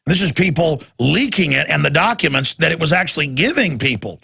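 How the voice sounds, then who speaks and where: A man's voice: fairly high pitch, lively intonation, fairly quick, gravelly, pushed and bright, husky. A man hosting a talk radio show, delivering an impassioned, ranting monologue into a studio microphone, often repeating words.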